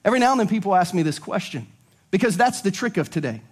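Animated male pastor preaching. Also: high voice, fast. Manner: animated, acts out dialogues. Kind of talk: sermon.

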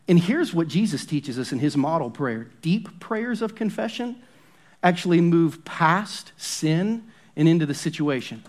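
A man preaching a sermon as pastor in a church, emphatic and often dropping to a hushed, intense tone on key points. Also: a little high, lively intonation, moderate pace.

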